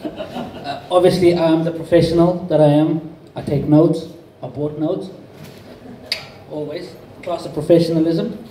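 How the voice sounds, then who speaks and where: A man performing a stand-up set on a club stage, delivering deadpan self-deprecating one-liners. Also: fairly high pitch, a little slow. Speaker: stand-up comedian. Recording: echoey club, distant mic, noisy.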